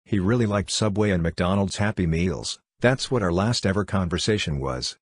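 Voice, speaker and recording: Low male narrator, dry and close, steady read of ghost stories. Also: normal speed, no echo.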